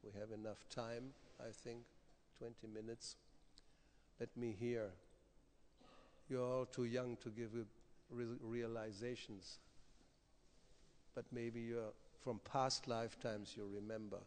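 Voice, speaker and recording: A man's voice: mid-range voice, level tone, slow pace, long pauses, darkish tone. A man teaching a scripture class in a temple hall, explaining with examples and checking in with rhetorical asides. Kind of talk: conversational scripture lecture. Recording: hall reverb.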